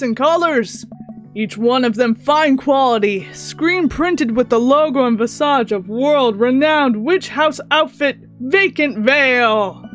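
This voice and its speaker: A woman voicing a laid-back young man hustling band shirts with smooth sales patter. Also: a little high.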